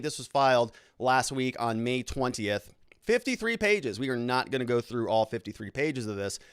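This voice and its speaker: A man's voice: medium pitch, smooth, no echo. Chatty male lawyer hosting commentary, dry sound. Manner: animated, self-interrupting, restarts often. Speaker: lawyer and show host. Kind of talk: casual legal commentary.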